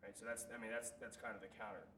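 A man's voice: on the low side, little pitch movement, very fast, pushed and bright, recorded from a distance. Man arguing from across an echoey room. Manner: argumentative, hedging with 'like' and 'I mean'. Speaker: Bible study participant. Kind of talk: group discussion. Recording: echoey room, off-mic, faint ambience.

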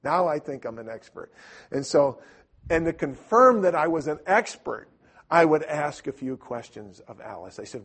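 A man teaching in a sermon style, telling a lively story and acting out voices, with loud bursts. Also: mid-range voice, husky. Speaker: preacher.

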